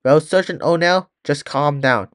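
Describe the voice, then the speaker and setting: A man's voice: a little high, a little slow, no room sound, clean studio sound, lightly acted. A man voicing a nervous male scientist posing as a soldier, speaking hesitantly. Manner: hesitant, placating.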